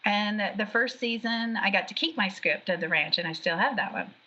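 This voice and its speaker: A woman's voice: mid-range voice, moderate pace. A woman being interviewed about her work as a background actor. She chats casually and tells stories with lots of energy and laughter. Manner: chatty, animated storyteller who laughs often. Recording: dull lo-fi sound.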